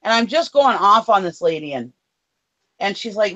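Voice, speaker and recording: A woman's voice: mid-range voice, lively intonation, normal speed, a bit bright, lo-fi sound. A woman co-hosting a casual show, telling an angry story with blunt swearing. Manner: fired-up storytelling, swears freely. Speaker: co-host. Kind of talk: casual chat.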